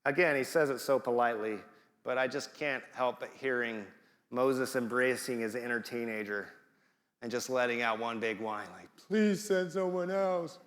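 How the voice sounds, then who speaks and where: A man's voice: medium pitch, fairly even intonation, normal speed, a bit bright, big-room sound. A man preaching a sermon in a conversational, playful way, acting out the voices he quotes. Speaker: guest preacher. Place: church sanctuary.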